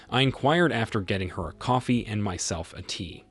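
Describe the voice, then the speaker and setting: A man's voice: lowish voice, lively intonation, normal speed, fairly bright tone, breathy edge. A middle-aged man narrating a first-person story with dry sarcasm, over faint music. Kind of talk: scripted narration.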